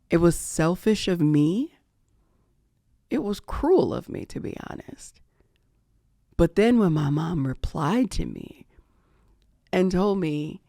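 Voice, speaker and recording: A middle-aged woman talks slowly through her grief, her low voice often dropping to a hush. There is a gravelly fry at the ends of her phrases, and the sound is dry and close, with no room around it. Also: no echo. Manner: slow, reflective, often hushed and emotional. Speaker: podcast host. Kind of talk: personal grief reflection.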